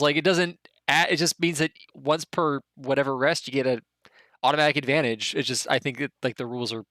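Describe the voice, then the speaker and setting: A man running a tabletop game as game master, chatting casually with quick asides. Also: medium pitch, fairly even intonation, pushed and bright, no echo, clean studio sound.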